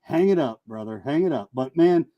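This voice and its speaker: A man's voice: fairly high pitch, animated, normal speed, dry recording, dull audio. A man appearing as a regular guest on a live-stream chat, enthusiastic and full of fillers, often saying man and dude.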